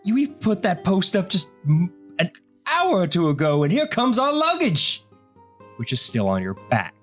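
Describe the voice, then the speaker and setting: Eager flattering older guy, high and swooping, a man putting him on. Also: normal speed, soft background music, full character voice. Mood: excited gushing. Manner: breathless, gushing, rambling. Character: excitable fawning older male traveler.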